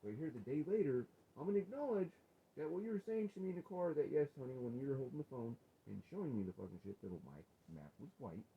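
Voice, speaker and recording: A man's voice: medium pitch, sing-song, fast, vocal fry, slightly rough, dull audio. Profane, confrontational man arguing heatedly. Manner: profane, confrontational, voice rising to yelling. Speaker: husband arguing with his wife. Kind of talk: heated domestic argument on a vlog.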